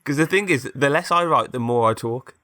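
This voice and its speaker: Bright-voiced chatty man. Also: mid-range voice, fairly quick, dry recording, clean studio sound. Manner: chatty, meandering. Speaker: podcast co-host. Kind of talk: rambling improvised storytelling.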